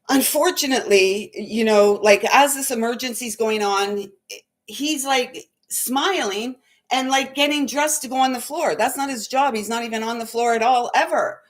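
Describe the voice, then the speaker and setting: Shaky, rambling spiritual woman host. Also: fairly high pitch. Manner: rambling, many fillers, earnest. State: shaky, unsettled. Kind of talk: casual spiritual livestream talk.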